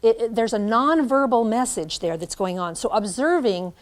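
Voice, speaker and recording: A middle-aged woman giving a classroom lecture to student teachers, animated, acting out examples as she speaks. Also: a little high, normal speed. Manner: animated, demonstrates by acting out lines. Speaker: teacher educator.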